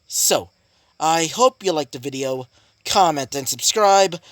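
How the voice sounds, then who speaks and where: Male story narrator, loose and rambling, with a lively, bouncing pitch and a dry, close sound. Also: a little slow, dry recording. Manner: rambling, full of fillers like "basically" and "you know". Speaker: YouTube storyteller. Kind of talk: casual fan-fiction story narration.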